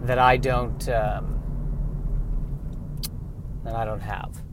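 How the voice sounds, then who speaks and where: A man's voice: medium pitch, flat delivery, extremely slow, noisy background. Rambling man musing while driving. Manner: meandering, self-interrupting, wry. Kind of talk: rambling comic monologue. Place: inside a car while driving.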